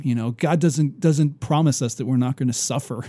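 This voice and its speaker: A man with a warm, mellow voice tells a story on a casual faith podcast, speaking earnestly. He restarts his sentences often and lets some asides trail off quietly. The sound is dry and close. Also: fairly high pitch, steady tone, moderate pace, dry recording. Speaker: podcast co-host.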